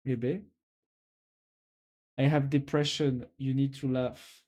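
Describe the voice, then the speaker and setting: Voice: mid-range voice, little pitch movement, slow pace, warm tone. A streamer with a French accent, chatting casually on a live stream and teasingly giving a viewer a pep talk.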